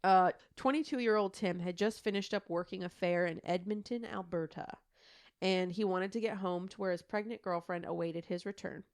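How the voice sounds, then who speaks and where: A woman's voice: lowish voice, steady tone, moderate pace, darkish tone. A woman in her thirties co-hosting a podcast, telling a true crime case in a chatty way with lots of fillers and laughing asides. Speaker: podcast co-host. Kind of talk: casual chat and true crime storytelling.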